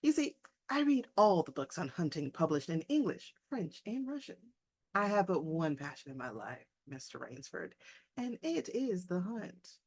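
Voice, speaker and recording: A woman's voice: lowish voice, sing-song, moderate pace, a little mellow. A woman reading aloud as a suave aristocratic male general, a polite and formal host. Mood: courteous.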